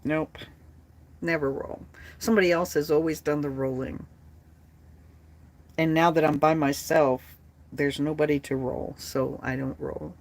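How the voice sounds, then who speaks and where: Slow-talking blunt woman in her late fifties. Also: deep voice, fairly even intonation, darkish tone. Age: 50s. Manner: blunt, profane, talks to chat viewers. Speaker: livestreamer. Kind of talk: casual livestream chat.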